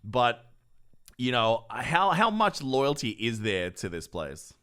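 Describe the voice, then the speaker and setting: A man's voice: medium pitch, very animated, takes it slowly, fairly bright tone. A man, co-hosting a casual podcast chat and swearing bluntly as he argues his point. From Australia. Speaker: podcast co-host.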